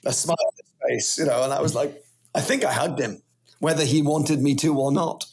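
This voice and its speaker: Welsh guy chatting on a podcast, talks kinda high, tells long animated stories. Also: brisk, gravelly. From Wales. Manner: animated, rambling storyteller. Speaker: podcast guest. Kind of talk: casual chat.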